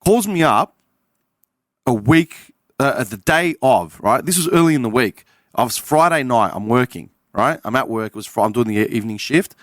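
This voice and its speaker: An Australian man tells a story in a casual chat and acts out the lines of everyone in it, his pitch rising and falling a lot. The mic is close and dry. His pitch sits in the middle. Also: normal speed, dry recording. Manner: animated storyteller acting out quoted dialogue. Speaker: podcast panelist.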